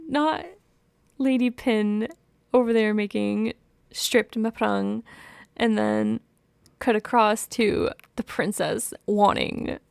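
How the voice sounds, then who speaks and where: A woman podcast host reading a novel aloud, softly whispering the narration and breaking off with gushing, laughing commentary. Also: mid-range voice, creaky, clear, resonant tone, no echo. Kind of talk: book reading with excited commentary.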